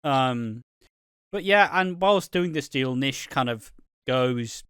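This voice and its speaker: A man's voice: medium pitch, expressive, slow, fairly bright tone, clear, resonant tone, no echo. Young man, podcast co-host, swears a lot, acts out characters' lines, dry close sound. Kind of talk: casual recap chat.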